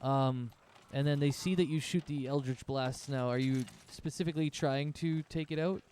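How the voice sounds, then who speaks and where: A man narrating as game master of a tabletop game, relaxed and loose, with restarts. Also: mid-range voice, moderate pace, slight background noise.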